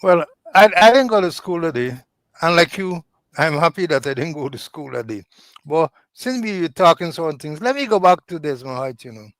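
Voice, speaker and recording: Male guest, slightly high voice, storytelling manner, dry sound. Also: sing-song, normal speed, a bit bright, dry recording. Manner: storytelling, recounting. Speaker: guest commentator. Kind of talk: political commentary chat.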